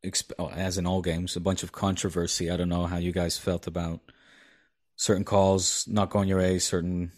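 A man with a Dutch accent, co-hosting a podcast in casual chat, pausing and restarting as he searches for words. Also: low voice, level tone, darkish tone. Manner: halting, many fillers and restarts while searching for words. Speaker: podcast co-host.

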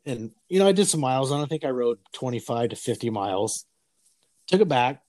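A man in his forties with a mid-range voice, talking off the cuff as a podcast host. He swears freely and slips into animated voices when he quotes other people. The sound is dry and close, with little room echo. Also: mid-range voice, brisk. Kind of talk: casual storytelling chat.

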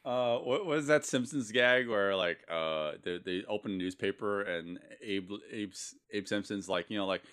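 A man's voice: fairly low pitch, moderate pace, few pauses, fairly bright tone, clean tone. A man co-hosting a casual podcast, mocking a movie with sarcastic, profane remarks and frequent laughs. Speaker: podcast co-host. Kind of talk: casual movie review chat.

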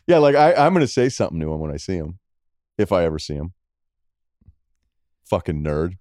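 Low-voiced, animated, sarcastic man. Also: very fast. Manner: animated, sarcastic, jumping between high and low. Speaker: podcast guest. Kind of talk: casual sports chat.

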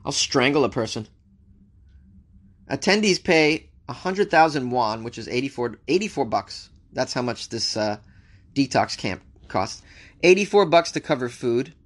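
A man's voice: medium pitch, lively intonation, a little slow. A man hosting a news show, reading stories aloud and cracking wry jokes about them in a casual commentary style. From United States. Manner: wry, joking, talks back to the news he reads.

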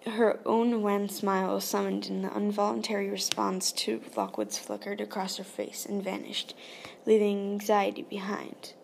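A woman narrating an audiobook in a soft, hushed, often half-whispered delivery. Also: mid-range voice, a little slow, gravelly, slight background noise. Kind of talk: scripted narration.

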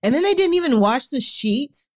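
A woman's voice: high-pitched, big pitch swings, moderate pace, a little mellow, no room sound. A woman co-hosting a podcast in casual chat, making short, dry remarks. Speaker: podcast co-host.

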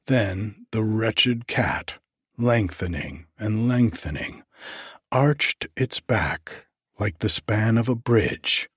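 A man reading an old myth aloud as a storybook narrator, slow and measured. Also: lowish voice, breathy edge, no echo, studio quality.

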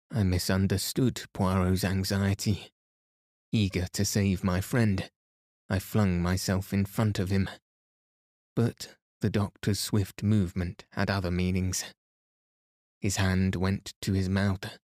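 A man narrating a bedtime story for a sleep podcast in a soft, calm, steady manner. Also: low-pitched, takes it slowly, dry recording, clean studio sound.

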